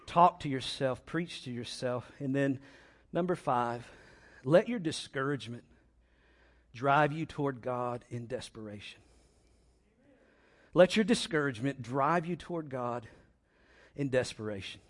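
Slow, impassioned male preacher. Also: mid-range voice. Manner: builds from quiet and slow to loud, impassioned preaching; dramatic pauses and repetition. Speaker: pastor. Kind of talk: sermon.

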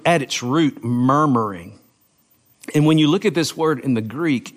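A man preaching a sermon, explaining scripture with slow, emphatic phrasing and playful sound-outs of words. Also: mid-range voice. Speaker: pastor.

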